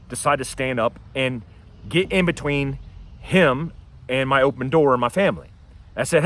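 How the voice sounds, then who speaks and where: A man telling a personal story to camera outdoors, casual and animated, acting out what people said. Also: mid-range voice, normal speed. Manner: animated, acts out quotes in a raised voice. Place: outdoors by his house and driveway.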